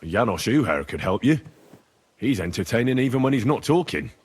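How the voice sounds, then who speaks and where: A man's voice: medium pitch, very animated, fairly quick, slightly rough. An actor playing an earnest young man, plain-spoken with a dry, wry humor. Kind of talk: video game dialogue.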